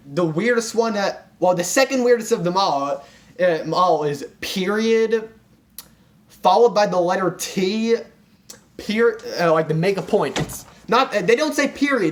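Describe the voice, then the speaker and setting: A young man with a high voice rants for comedy, sounding exasperated as he piles up fillers and false starts. His talk is casual and self-interrupting. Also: lively intonation, a little slow. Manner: exasperated, full of fillers and restarts. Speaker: commentary vlogger. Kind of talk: comedic rant.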